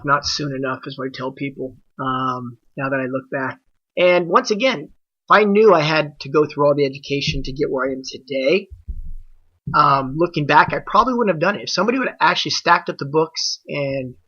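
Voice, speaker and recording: A man, a podcast guest and trader, telling the story of how he started out in a casual, animated way and acting out the dialogue he quotes. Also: on the high side, slightly rough, muffled recording.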